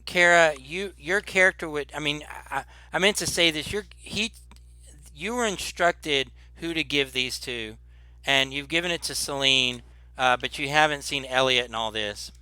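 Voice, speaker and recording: A man's voice: fairly high pitch, normal speed, bright, forceful tone, clean tone, dry recording. A man running a tabletop game as game master, laid-back and rambling with lots of fillers.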